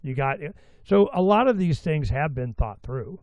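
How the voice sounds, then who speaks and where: A man's voice: fairly high pitch, lively intonation, moderate pace, a little mellow, no echo, dull audio. A man hosting a talk show in casual chat, rambling and full of filler phrases. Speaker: show host.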